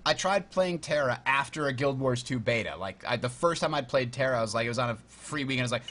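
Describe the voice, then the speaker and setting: Male podcast host, bright tone, lively casual chat. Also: medium pitch, fast, hardly any pauses. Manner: animated, acts out his own reactions.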